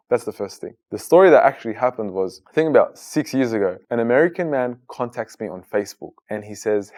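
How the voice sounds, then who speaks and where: This is a man in his thirties who grew up in Australia. His pitch sits in the middle and he sounds earnest. He tells his own story for an interviewer and grows animated when he quotes other people. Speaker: guest, Muslim content creator.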